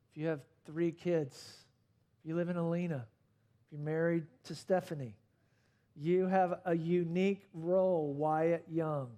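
A man delivers a sermon in a fairly high voice, pressing hard on key words and then dropping low and soft. His preaching rises and falls in intensity as he drives each point home. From not from Australia. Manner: emphatic preaching with rising and falling intensity. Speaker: pastor.

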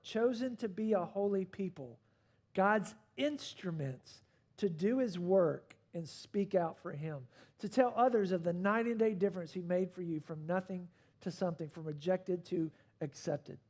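A man's voice: high voice, a little mellow. A man preaching a sermon as pastor, speaking emphatically with swells and drops in intensity. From not from Australia.

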